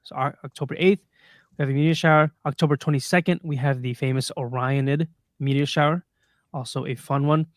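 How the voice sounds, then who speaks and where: A man with a mid-range voice and fairly even intonation talks fairly quickly as he co-hosts a casual livestream podcast. Laughing often, he reads through a list of dates for upcoming sky events. The audio is studio quality with no room sound.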